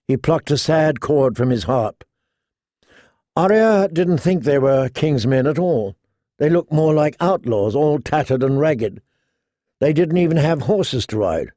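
A man reading a story aloud in a measured storytelling style. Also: mid-range voice, creaky, mellow, dry recording, studio quality. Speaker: audiobook narrator. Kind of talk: scripted narration.

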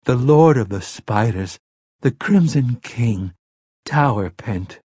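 Casting: man voicing a spellbound man turned scared little boy, slow and husky. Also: medium pitch, animated, darkish tone, no room sound, clean studio sound. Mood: frightened child. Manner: dazed, then small, trembling and childlike. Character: hypnotized grown man regressing into a frightened seven-year-old boy. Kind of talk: audiobook character voice.

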